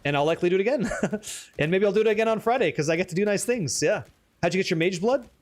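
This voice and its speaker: High-pitched excitable man streaming a game. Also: fast talker. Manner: excitable, profane, teasing chat, reading questions aloud. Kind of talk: live gameplay stream, chatting with viewers.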